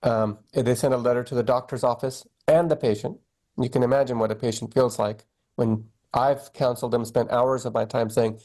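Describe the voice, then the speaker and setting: A man's voice: medium pitch, moderate pace. A middle-aged man, an oncologist being interviewed, talking candidly and acting out quoted phone calls as he tells stories. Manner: candid, animated storytelling with quoted dialogue. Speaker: oncologist guest. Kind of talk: conversational interview.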